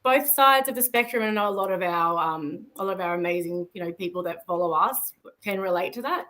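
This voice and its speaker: A woman's voice: fairly low pitch, fairly quick, bright, forceful tone. A woman, a guest on a live chat, talking in a friendly way and laughing easily. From Australia. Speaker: guest, build support manager. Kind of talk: casual live-stream chat.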